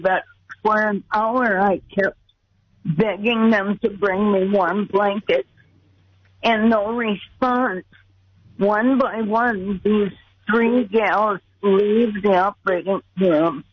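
A woman's voice: medium pitch, a little hiss or hum. An older woman, a guest, earnestly telling a personal story, heard over a muffled phone line.

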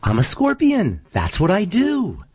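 A man's voice: high-pitched, wildly swooping pitch, a little slow, breathy edge, dry recording, dull audio, voice pushed up, heavily acted. A man voicing a sly male scorpion in a spoken fable, coaxing and matter-of-fact. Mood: blunt.

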